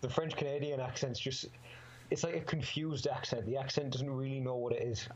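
A man's voice: medium pitch, flat delivery, a little fast, slight background noise. A man talking casually about fighting, rambling, swearing freely and laughing often. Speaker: amateur MMA fighter guest. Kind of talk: casual chat. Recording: slightly dull lo-fi sound.

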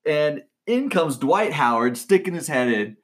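A man's voice: a little high, very animated, a little slow. A man co-hosting a podcast, chatting casually and chiming in with short agreements before taking over to tell his own story. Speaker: podcast co-host, former team entertainment staff. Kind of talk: casual chat.

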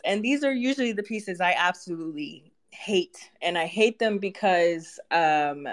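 A candid artist chatting in a podcast interview with a middle-pitched voice. They talk openly and expressively and laugh easily. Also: expressive, unhurried, hardly any pauses. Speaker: artist guest. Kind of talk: casual interview chat.

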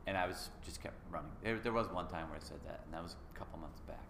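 A man's voice: sits low, fast talker, creaky. A man co-hosting a podcast in casual chat, easygoing and rambling, with frequent restarts. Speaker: podcast co-host. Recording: echoey room with faint noise.

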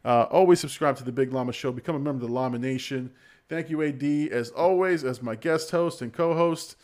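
A man's voice: medium pitch, fairly quick, a little mellow. A man in his forties hosting a casual livestream podcast, chatty and rambling, laughing often. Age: 40s. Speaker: podcast host.

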